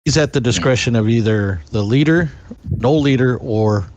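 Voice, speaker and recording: A man's voice: medium pitch, moderate pace, a crowd in the background. A man taking part as a player at a tabletop game, speaking in a hesitant casual way.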